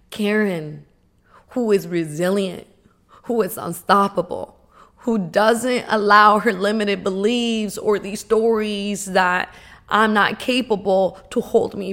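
A woman's voice: mid-range voice, a bit bright. Earnest woman telling her life story. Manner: earnest, emotional storytelling with emphatic pauses. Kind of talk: personal testimony.

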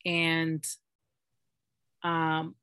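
A woman's voice: deep voice, completely flat delivery, extremely slow, a bit bright, clear, resonant tone. A woman in a casual chat, telling a heartfelt personal story in a rambling way with lots of "like".

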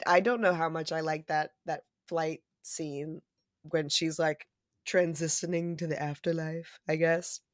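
A fairly low-voiced woman trades jokes in a casual podcast chat, recorded close and dry with no room sound. She is blunt, swears freely and thinks out loud with plenty of fillers. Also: steady tone, a little slow, no room sound. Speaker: podcast co-host.

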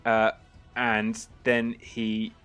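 A man's voice: lowish voice, monotone, drawn-out words, fairly bright tone, smooth, faint music behind. A man running a tabletop game as game master, narrating casually with frequent hesitations.

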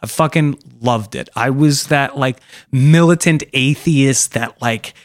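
A man's voice: mid-range voice, a little slow, no echo, studio quality. A young man hosting a casual comedy podcast, rambling loosely, swearing a lot and acting out voices. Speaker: podcast host.

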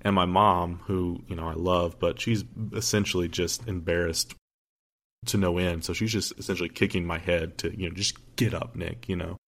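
A man's voice: sits low, fairly even intonation, normal speed. A young man co-hosting a podcast, telling a story in casual chat, joking and rambling with lots of fillers and restarts. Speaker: podcast co-host.

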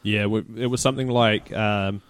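A man co-hosting a podcast in casual chat, recounting his travels in an easygoing, relaxed way. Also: lowish voice, moderate pace, clean tone, no room sound. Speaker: podcast co-host.

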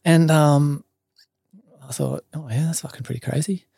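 A man's voice: a little high, fairly even intonation, moderate pace, gravelly, warm tone, slightly rough, dry recording, clean studio sound. An Australian man telling a long story in casual chat, full of ums, likes and swearing. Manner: rambling, many ums and likes, swears freely. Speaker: podcast guest.

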